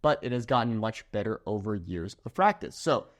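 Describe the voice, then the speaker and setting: Lively young man teaching Spanish. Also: lowish voice. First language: English. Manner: upbeat, slows down to spell out words, checks in with "okay?". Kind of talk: energetic language lesson.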